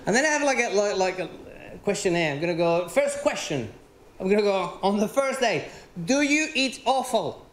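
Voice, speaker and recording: A man's voice: high voice, lively intonation, a little fast. A man with a Venezuelan accent doing stand-up comedy on stage, telling stories animatedly and acting out the dialogue. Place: theater stage before live audience. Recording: roomy live venue with audience noise.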